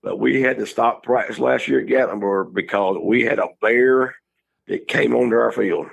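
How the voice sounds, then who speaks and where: A middle-aged man, a high school football coach telling stories in a casual interview, rambling and restarting his words. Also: normal speed, vocal fry, poor audio. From Georgia, USA.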